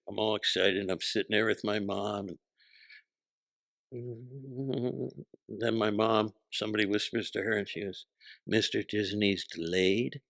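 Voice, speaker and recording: A man, a podcast guest telling stories in animated casual chat, acting out the voices he quotes. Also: lowish voice, creaky. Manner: animated, acts out quoted voices, laughs often.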